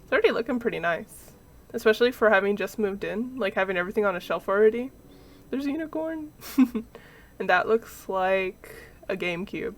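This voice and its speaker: A woman's voice: mid-range voice, animated, a little fast. A young woman streaming a game, making playful, giggly asides as she plays. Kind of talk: casual gameplay commentary.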